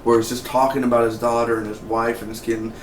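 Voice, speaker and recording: A man's voice: medium pitch, level tone, fast talker, a little hiss or hum. A man giving a casual, rambling spoken review of a TV episode, constantly dropping "man" and "dude" into his sentences. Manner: rambling and laid-back, peppers talk with "man" and "dude". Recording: roomy echo, mic some distance away.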